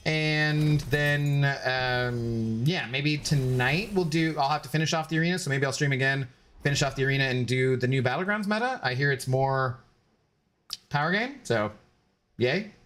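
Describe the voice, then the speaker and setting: A man's voice: normal speed, fairly bright tone, slight background noise. A man live-streaming a game, chatting loosely with viewers and reading their comments aloud. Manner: rambling, chatty, reads chat aloud; high, scolding baby talk to his dog. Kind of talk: casual live-stream chat.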